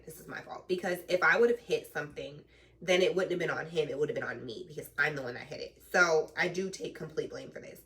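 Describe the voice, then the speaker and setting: Animated woman telling a story, bright voice. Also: fairly low pitch, distant mic. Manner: animated, chatty retelling with slang and swearing. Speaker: truck driver in training. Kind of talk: casual storytime vlog.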